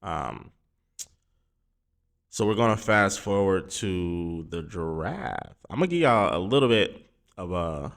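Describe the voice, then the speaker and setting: Low-voiced man hosting casual sports talk. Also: animated, slow, gravelly, pauses often, fairly bright tone. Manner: rambling, filler-heavy, informal. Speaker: sports podcast host.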